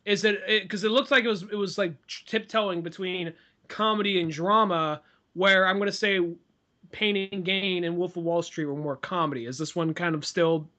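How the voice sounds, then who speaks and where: A young man with a notably high, bright voice muses aloud in loose podcast banter. He swears freely and thinks out loud as he goes. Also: steady tone, moderate pace. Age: 20s. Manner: loose, profane, musing. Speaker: podcast co-host. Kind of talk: casual chat.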